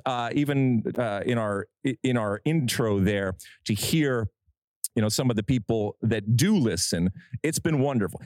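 Animated male podcast host, lively pitch. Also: no echo. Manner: animated, emphatic, swooping pitch. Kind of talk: studio podcast chat. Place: TV studio set.

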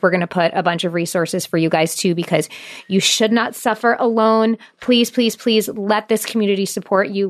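A woman hosting a podcast, upbeat and encouraging as she chats with her guest. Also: medium pitch. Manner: upbeat and encouraging, laughs along. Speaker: podcast host. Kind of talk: casual podcast chat.

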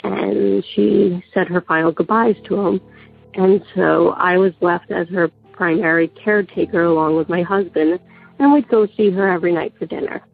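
A woman with a sick, raspy voice tells her story over a tinny phone line. Her tone is gravelly and a little low, and she tells it steadily with soft hesitations. Faint music plays underneath. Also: moderate pace. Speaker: caller. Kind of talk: telling a personal story by phone.

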